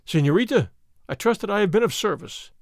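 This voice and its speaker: A man's voice: high-pitched, animated, a little fast, dry recording, studio quality. A man voicing a bold, proud masked male outlaw in an audiobook reading, commanding and scornful. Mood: gallant. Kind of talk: audiobook character voice.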